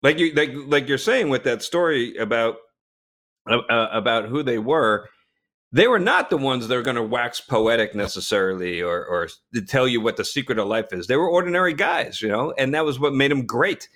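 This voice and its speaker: A man hosting a casual chat, telling a story in a relaxed way with frequent restarts. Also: medium pitch, normal speed.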